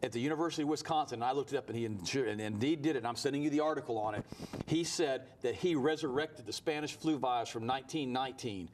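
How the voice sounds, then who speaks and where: A man's voice: medium pitch, fast talker, darkish tone, a little hiss or hum. A man as a guest on a studio talk show, talking heatedly and telling a story at speed. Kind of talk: animated talk-show interview.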